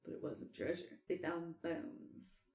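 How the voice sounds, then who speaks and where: A woman hosting a podcast, telling a story in casual chat, animated and quick to laugh. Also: fairly low pitch, echoey room. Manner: animated, laughs often, trails off and restarts. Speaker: podcast host.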